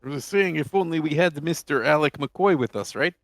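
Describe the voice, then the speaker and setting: A man's voice: a little high, normal speed, dry recording, clean studio sound. A man playing a tabletop game who jokes and teases the other players. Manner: joking, teasing, laughs a lot.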